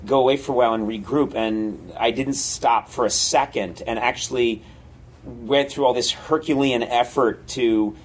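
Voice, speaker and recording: Animated man telling a comedy story. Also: medium pitch, normal speed, slightly rough. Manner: animated, rambling, laughs often. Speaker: guest, comedy writer. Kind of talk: casual interview storytelling.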